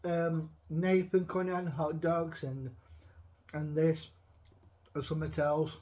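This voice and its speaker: A man talking in a casual, rambling rant. His voice sits high for a man. He is blunt and swears freely, often restarting his sentences. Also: flat delivery, slow pace, darkish tone. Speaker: show host. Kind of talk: casual chat.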